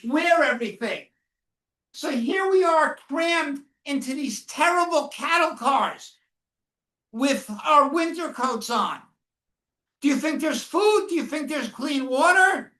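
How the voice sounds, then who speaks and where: A woman with a high voice speaks slowly and solemnly, giving a first-person survival testimony to a live group of students. She keeps drawing listeners in with questions. Her voice is picked up from a distance in a reverberant room. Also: lively intonation, pushed and bright. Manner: questions the audience often and waits for answers; slow, solemn storytelling. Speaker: Holocaust educator speaking to students. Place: classroom or lecture hall. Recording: echoey room, mic far off.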